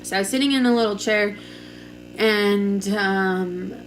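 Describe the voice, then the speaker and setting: A young woman vlogger tells a personal story, chatty and casual, packing in plenty of "like" and acting out quoted dialogue. Her medium-pitched voice is a little slow, picked up by a camera mic at home with slight background noise.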